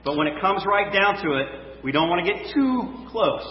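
A man's voice: sits high, animated, normal speed, gravelly. A male pastor preaching a sermon, reading scripture and then talking loosely to his congregation. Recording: echoey hall, dull sound, faint noise.

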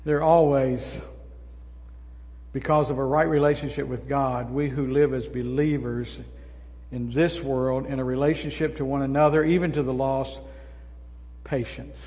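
In a church sanctuary, an older male pastor preaches in a folksy, conversational style, frequently putting questions to the congregation. His voice sits at medium pitch with fairly even intonation, a moderate pace, and long pauses. The audio is muffled, echoing through a large reverberant hall.

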